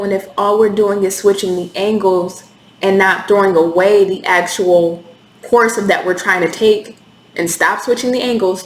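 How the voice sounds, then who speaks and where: A woman giving a candid, intense tarot reading to camera, swearing freely as she talks. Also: medium pitch. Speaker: tarot reader. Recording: echoey room with faint hiss.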